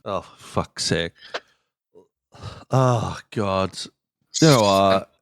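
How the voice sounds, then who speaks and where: Lowish-voiced man, rambling podcast chat. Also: extremely slow, gravelly, dry recording, studio quality. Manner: rambling, swearing, exasperated. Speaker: podcast co-host.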